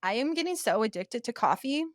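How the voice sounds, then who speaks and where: With a fairly high voice and a fairly quick pace, this young female podcast co-host tells animated stories and laughs a lot during casual conversation. The sound is clean studio audio without echo.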